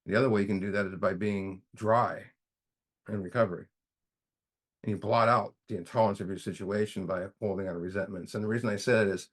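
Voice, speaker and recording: A man's voice: fairly low pitch, fairly even intonation, fast. A man leading a recovery study group in a casual teaching manner, folksy, often repeating himself and saying "you know".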